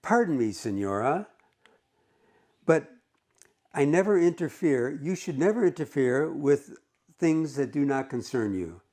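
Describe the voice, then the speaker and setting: A man's voice: a little high, big pitch swings, a little slow, pauses often, warm tone. A male teacher reading the lines of a proud, grumpy old man who bristles at criticism. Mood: huffy. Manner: huffy, pompous.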